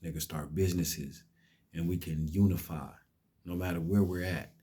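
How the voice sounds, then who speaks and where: A man's voice: low voice, fairly even intonation, normal speed, mellow, husky. A man giving an impassioned, preachy vlog monologue, emphatic and cursing. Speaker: vlogger.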